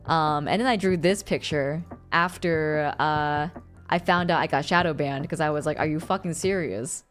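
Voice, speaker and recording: A woman's voice: deep voice, moderate pace, faint music behind. A young woman streaming live, casually chatting with her viewers, reading their messages aloud and laughing often. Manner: animated, laughs often, reads chat aloud.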